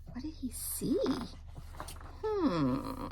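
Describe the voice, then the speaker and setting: A woman reading a picture book aloud, with expressive delivery and chatty asides to her listeners. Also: fairly high pitch, slow, pauses often, noisy background. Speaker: storyteller.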